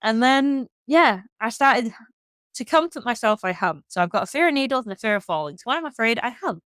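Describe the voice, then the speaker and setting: A woman from England with an English accent, a guest telling a story in casual chat, frank and animated, swearing freely. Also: fairly high pitch, brisk, no echo. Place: hostel room.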